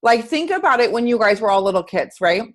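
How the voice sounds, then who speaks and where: A woman's voice: fairly high pitch, very animated, fast talker. A woman fitness coach giving an earnest, chatty motivational talk on a group video call, asking her listeners questions.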